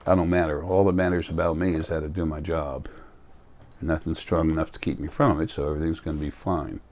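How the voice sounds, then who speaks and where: Talking directly to the camera, this male vlogger rambles loosely in a very deep, low-pitched voice. Tired, blunt, and defiant, he dismisses criticism plainly. He talks fast, with fairly even intonation and a slightly mellow quality.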